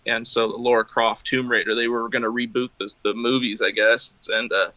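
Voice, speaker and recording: A man with a bright, forward voice talks as a guest in a casual interview. He rambles a bit, full of fillers and false starts. His voice sounds close and dry. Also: medium pitch, flat delivery, a little fast, few pauses, no room sound, rough recording. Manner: rambling, many fillers and restarts. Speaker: guest, drum maker.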